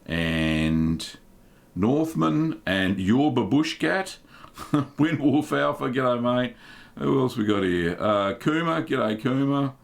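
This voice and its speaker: A man's voice: fairly low pitch, gravelly, a bit bright. A middle-aged Australian man hosting a live stream, chatting casually and greeting viewers one by one with friendly g'days. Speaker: host of a live cheese-making Q&A stream.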